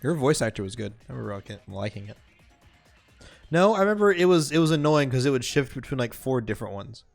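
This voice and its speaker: Guy streaming a game, reads the text out then rambles, mid-pitched voice, quiet music behind. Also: expressive, fast, vocal fry. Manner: casual, rambling, many fillers. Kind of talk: live stream, reading game text aloud with casual commentary.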